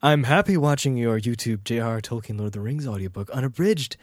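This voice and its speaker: A man's voice: mid-range voice, expressive, fast talker, no echo, studio quality. Fields: Sex: man. Role: podcast co-host. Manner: rambling, self-deprecating, often trails off quietly. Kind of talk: casual podcast chat.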